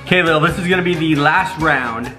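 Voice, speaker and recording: A man's voice: fairly high pitch, brisk. Playful man hosting a family vlog. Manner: playful, teasing, game-show announcing. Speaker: vlog host running a taste test. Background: background music.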